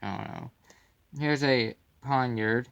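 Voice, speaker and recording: A young man walks through his card collection in a loose, joking way, tossing in puns and quiet mumbled asides. He talks slowly and takes his time, and his voice has a gravelly, fry-laced edge. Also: mid-range voice, dull audio. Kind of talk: casual off-camera commentary.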